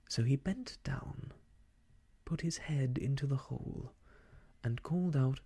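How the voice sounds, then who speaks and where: A storyteller reading an old children's book aloud in whispered role-play, slow and soft. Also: medium pitch, slightly rough.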